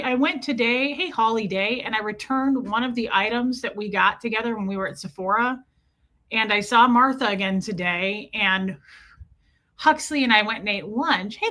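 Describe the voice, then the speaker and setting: Bright chatty woman greeting her stream. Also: on the high side. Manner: chatty, warm greetings, quick asides. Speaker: livestream host. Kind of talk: casual livestream chat greeting viewers. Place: room at home.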